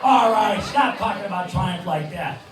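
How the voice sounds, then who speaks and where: Lively older comic, animated high voice, far-off mic in an echoey bar with crowd. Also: male voice, moderate pace. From Cleveland, Ohio. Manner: jokey, rambling punchlines, lively delivery. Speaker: ventriloquist comedian. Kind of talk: stand-up comedy. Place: neighborhood bar stage.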